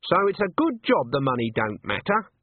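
Stern shrewd old witch woman, played by a man, blunt and rustic, husky; narrow phone-like sound. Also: fairly high pitch, big pitch swings, moderate pace, no room sound, pitched above the performer's own voice. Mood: dry. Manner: blunt, dry, rustic speech. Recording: dry tinny narrow-band audio.

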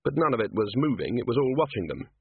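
A man reading a story aloud as scripted narration, dry and even. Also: mid-range voice, fast talker, gravelly, breathy edge, no room sound. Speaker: audiobook reader. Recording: dry, tinny phone-like sound.

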